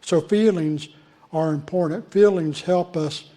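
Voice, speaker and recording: A male pastor delivers a sermon at a slow, unhurried pace, leaning on deliberate pauses. His voice sits a little high for a man yet sounds mellow and dark in tone. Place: church.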